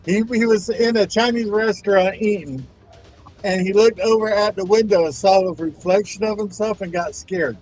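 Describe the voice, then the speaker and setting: Panel guest, man, high voice, quick anecdotes over faint background music. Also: darkish tone, rough recording. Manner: chimes in with short anecdotes. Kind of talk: casual chat.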